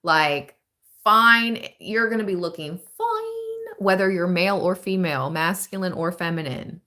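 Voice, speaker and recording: A woman giving a casual live-stream tarot reading, chatty and thinking aloud with drawn-out phrases. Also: on the low side, sing-song, bright, forceful tone. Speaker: tarot reader.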